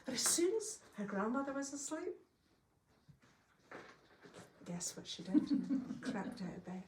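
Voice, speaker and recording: A woman telling a folk tale to a live audience, lively and laughing often as she acts out the voices. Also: fairly high pitch, normal speed, a little hiss or hum. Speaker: storyteller. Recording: roomy, from a distance, faint ambience.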